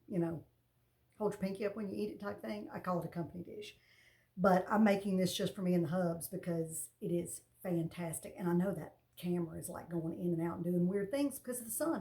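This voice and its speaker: Chatty woman with a mellow voice. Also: medium pitch. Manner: chatty, folksy, rambling asides. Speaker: cooking channel host. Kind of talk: casual cooking demonstration.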